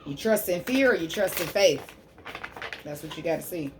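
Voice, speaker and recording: A woman giving a tarot reading on her channel, preaching fervently to her listeners and softly repeating prayerful invocations as she draws cards. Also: lowish voice, lively intonation, normal speed, background noise. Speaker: spiritual healer and tarot reader.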